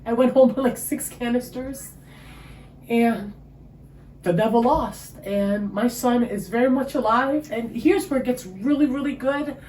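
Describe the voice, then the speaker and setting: A woman's voice: a little high, a little slow. A woman, giving an emotional personal testimony as an interview guest. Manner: emotional, storytelling, animated. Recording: echoey room with faint ambient noise.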